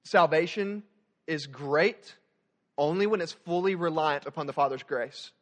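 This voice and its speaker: Young guy preaching, a bit high voiced, gets loud then goes real quiet. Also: unhurried. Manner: animated preaching, rises loud then drops soft. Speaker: student pastor. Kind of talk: sermon.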